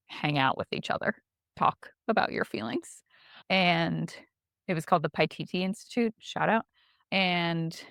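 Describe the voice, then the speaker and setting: A woman co-hosting a casual podcast, telling a personal story in an animated way with lots of "like". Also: sits low, vocal fry, no room sound, studio quality. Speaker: podcast co-host.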